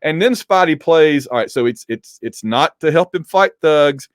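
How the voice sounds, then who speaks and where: A man casually reviewing a comic book issue, animated and digressive, with joking asides. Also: fairly high pitch, moderate pace, dry recording, studio quality. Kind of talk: casual commentary.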